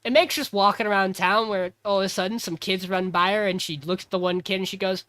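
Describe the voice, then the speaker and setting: A man co-hosts a casual anime podcast, telling the plot with lots of laughs and putting on the characters' lines as he goes. His voice is bright, and the sound is dry, with no room behind it. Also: sits high, fairly quick, no echo. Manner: animated storyteller who acts out characters' lines; laughs often. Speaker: podcast co-host. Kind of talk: casual anime podcast chat and episode recap.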